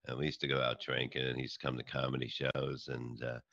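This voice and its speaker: Very deep-voiced middle-aged New man. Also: completely flat delivery, gravelly, sharp tone, dry recording, dull audio. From New York. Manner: rambling, halting storyteller with many restarts. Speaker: comedian and podcast guest. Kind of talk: casual interview chat.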